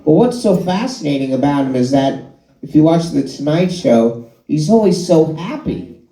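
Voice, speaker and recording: Middle-aged comedian, warm voice, echoey room. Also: male voice, on the high side, animated, moderate pace. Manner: rambling, self-deprecating, profane storytelling. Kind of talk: stand-up comedy. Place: bar and grill.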